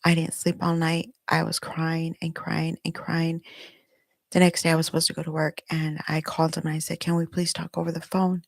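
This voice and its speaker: A woman's voice: low-pitched, monotone, moderate pace, gravelly, no echo. A middle-aged woman hosting her own podcast, telling a personal story candidly and emotionally while recording herself at home. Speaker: podcast host. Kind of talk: personal confessional monologue. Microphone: recording herself on video.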